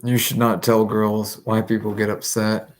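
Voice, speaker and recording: A man rambling to himself, swearing often, laughing and swinging between loud outbursts and low muttering. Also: monotone, moderate pace, a little hiss or hum. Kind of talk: rambling solo talk. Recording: echoey room, mic far off.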